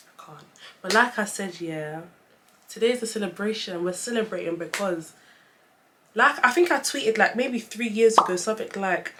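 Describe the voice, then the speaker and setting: A woman's voice: medium pitch, a bit bright, a little hiss or hum. A young woman telling a personal story in a casual vlog, chatty and close to tears at times. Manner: chatty, emotional, fighting back tears. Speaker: vlogger.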